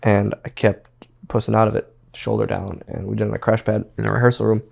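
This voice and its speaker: A man's voice: lowish voice, level tone, fast, creaky, darkish tone. A man, a former pro wrestler, telling stories as a guest in a casual interview, rambling and repeating words as he quotes others.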